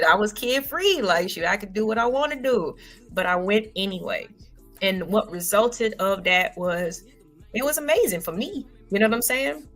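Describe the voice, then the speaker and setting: A woman's voice: mid-range voice, sharp tone. Chatty woman livestreaming over music. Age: adult parent. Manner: loose and chatty, full of fillers and slang. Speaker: livestream host. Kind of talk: casual livestream monologue. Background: faint background music.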